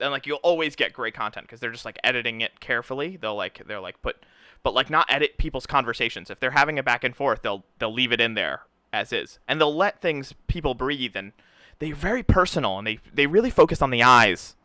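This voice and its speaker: Lively, bright-voiced man telling a story. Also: mid-range voice, a little fast, clear, resonant tone, no echo. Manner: animated storyteller, says "right?" and "dude" a lot. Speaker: co-host. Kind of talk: casual chat.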